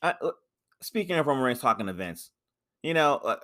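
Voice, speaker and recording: Profane ranting man, bright voice. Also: medium pitch, very animated, fairly quick. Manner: ranting, profane, repeats himself. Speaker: podcast co-host. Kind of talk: casual wrestling chat.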